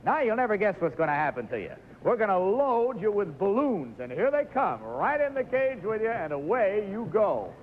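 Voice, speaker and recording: A man's voice: sits high, sing-song, normal speed, hardly any pauses. A man hosting a live studio game show, jovially coaxing contestants through stunts in an old 1950s TV recording. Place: television studio with audience. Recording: dull lo-fi 1950s TV recording, faint hiss.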